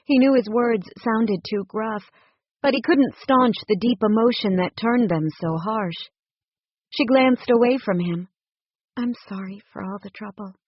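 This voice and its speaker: Female audiobook narrator, measured reading, husky, dry dull lo-fi audio. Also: a little high, no echo. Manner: measured, gently expressive reading. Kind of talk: scripted narration.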